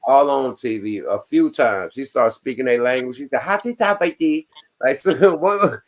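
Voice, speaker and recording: A man's voice: mid-range voice, expressive, moderate pace. Blunt, profane man in casual chat. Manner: blunt, profane, laughing asides. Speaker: podcast host.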